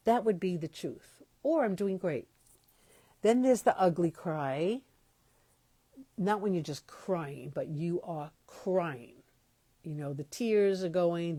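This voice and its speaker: A woman hosting a spiritual podcast, talking reflectively in slow, pausing speech and correcting herself as she goes. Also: low-pitched, warm tone, dry recording. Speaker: podcast host. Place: home, moved from New York to Los Angeles.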